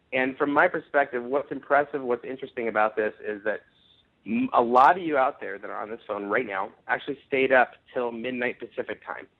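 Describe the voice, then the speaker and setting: Man pitching over a tinny phone line. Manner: upbeat, emphatic salesman pitch with restarts. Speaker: conference call presenter. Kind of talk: network marketing pitch call. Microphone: phone conference call.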